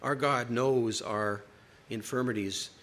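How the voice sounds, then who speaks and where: A man preaching a sermon to a congregation, emphatic, with dramatic pauses. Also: mid-range voice, steady tone, fairly bright tone.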